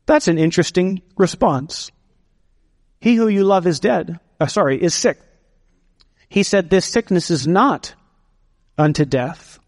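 High-pitched pastor guy preaching, dramatic pauses, joking asides, big echoey hall. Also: expressive, darkish tone. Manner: playful asides to the congregation. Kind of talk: sermon.

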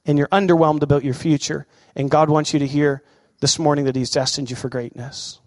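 A man with a high voice preaches a lively sermon, asking the congregation questions. His voice rings out with a long reverb in a large hall. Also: fairly quick. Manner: animated preaching, asks the crowd questions. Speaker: pastor.

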